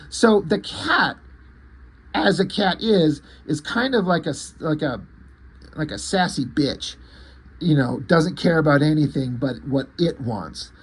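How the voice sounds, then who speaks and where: Rambling through the plot of a comic book he's reviewing, a man speaks in a halting, casual way full of fillers and restarts. His voice is fairly high-pitched and slightly rough.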